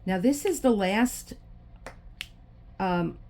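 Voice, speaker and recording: A woman's voice: mid-range voice, lively intonation, drawn-out words, mellow, a little hiss or hum. A middle-aged woman hosting a craft video, chatting casually to the camera and talking to herself in frustration as she works.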